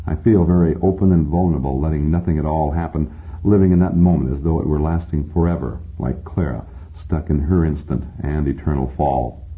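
Deep-voiced man narrating an audiobook. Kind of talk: first-person audiobook narration. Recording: tinny phone-like sound.

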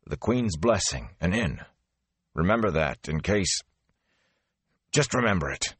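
A man voicing a gruff older male gleeman who mutters and growls hoarsely. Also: sits low, animated, a little slow, no room sound, exaggerated voice.

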